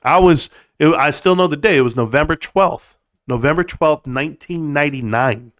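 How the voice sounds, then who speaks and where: A middle-aged man hosting a casual livestream, joking, laughing and swearing, then settling into a quieter tone to tell personal stories. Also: fairly high pitch, moderate pace. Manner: goofy, laughing, swearing, bursts of put-on voices. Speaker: livestream host.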